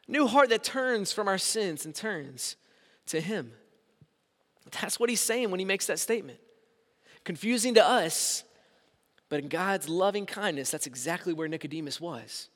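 A man's voice: high-pitched, fairly bright tone. A man preaching a sermon as pastor in a church sanctuary, with emphatic swings in volume. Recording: reverberant hall sound.

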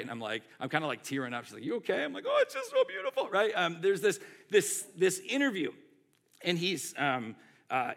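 A man preaching a sermon as a pastor, in a conversational, animated way with frequent asides to the congregation. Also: mid-range voice.

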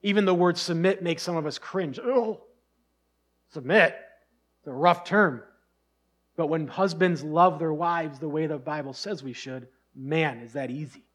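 A man's voice: on the high side, steady tone, moderate pace, hardly any pauses. A middle-aged man preaching a sermon as pastor, earnest and conversational, with bursts of emphasis.

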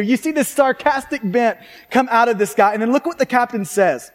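The sermon comes from a pastor whose voice is very high for a man, speaking a little fast in a chatty manner. He checks in with listeners via frequent tag questions and keeps restarting sentences, and his words fade into a large church hall's lengthy reverb.

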